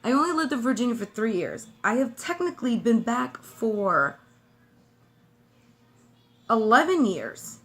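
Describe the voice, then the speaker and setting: A woman's voice: on the high side, very animated, a little slow, long pauses, a bit bright. A woman from Brooklyn with a New York accent touched by a slight Southern twang, chatting casually as she does her makeup at home. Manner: chatty, talks while applying makeup, drifts off topic. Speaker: beauty vlogger. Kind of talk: casual makeup tutorial chat.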